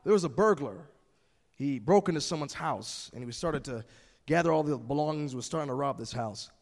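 A man preaching a sermon as pastor, building from calm explanation to emphatic shouting. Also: fairly high pitch, fairly quick, long reverb tail.

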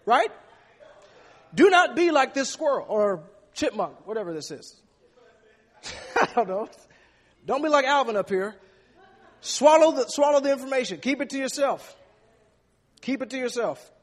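A man's voice: very high voice, big-room sound. A man preaching a sermon in an emphatic way, often repeating words as he goes.

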